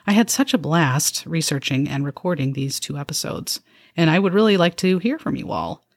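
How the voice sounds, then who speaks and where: A woman's voice: low-pitched, expressive, normal speed, dry recording. A woman hosting a podcast, giving scripted narration with dry, wry asides. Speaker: podcast host.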